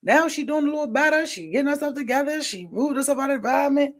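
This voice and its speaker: A woman hosting a podcast in casual chat, emphatic, repeating phrases for stress and swinging between loud and soft. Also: sits high, quick pace. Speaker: podcast host.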